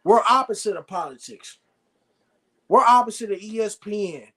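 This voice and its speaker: A man's voice: sits high, normal speed, fairly bright tone. A man hosting a live sports reaction stream, ranting bluntly and repeating himself. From United States. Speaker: sports show host.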